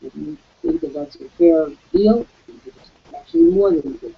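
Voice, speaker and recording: A man hosting a promotional webcast as an author, pitching an offer in a grand, salesman-like way. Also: wildly swooping pitch, moderate pace, gravelly, breathy edge. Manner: grandiloquent, salesman-like delivery with sweeping pitch swings. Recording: dull lo-fi webcast audio.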